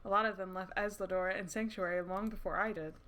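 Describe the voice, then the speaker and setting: A woman streaming a story game, reading its lines aloud and reacting with animated, giggly, casual chatter. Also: medium pitch, quick pace, slight background noise. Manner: giggly, animated, swears casually, breaks into laughter.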